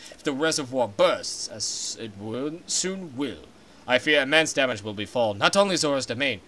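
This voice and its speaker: A man's voice: mid-range voice, expressive, normal speed, fairly bright tone, pitched below the performer's own voice, close to an everyday voice. A man voicing an old fish-man king in a comedic game voice-over, solemn and formal. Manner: solemn, formal, archaic speech.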